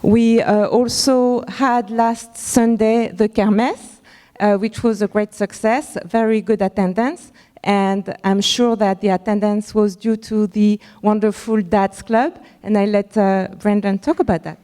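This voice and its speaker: A woman, a school's director of advancement, presenting at a member forum and speaking haltingly with many fillers. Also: mid-range voice, fairly even intonation, dark tone, big-room sound. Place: large hall at a school forum.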